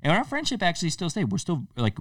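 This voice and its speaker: A man's voice: high voice, quick pace, no room sound, studio quality, recorded from a distance. A man co-hosting a podcast, telling a story in casual chat and acting out the quotes with plenty of restarts. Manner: animated storyteller, acts out quotes, many restarts. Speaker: podcast co-host.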